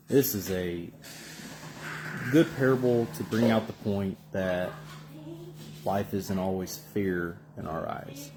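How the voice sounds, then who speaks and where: A man's voice: sits low, slow pace, pauses often, noisy background. A male preacher gives a short devotional Bible reading and reflection in a conversational way, with fillers and restarts.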